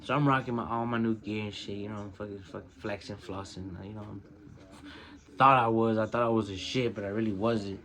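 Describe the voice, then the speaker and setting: Speaking a bit quickly in a lowish voice, a man who hosts his own podcast shares a personal story. He uses relaxed, profane street slang and livens up when quoting other people.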